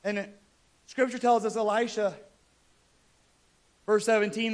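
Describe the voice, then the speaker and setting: High-voiced, casual preacher. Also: male voice, a little slow, pauses often. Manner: casual, animated retelling of scripture. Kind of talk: sermon storytelling.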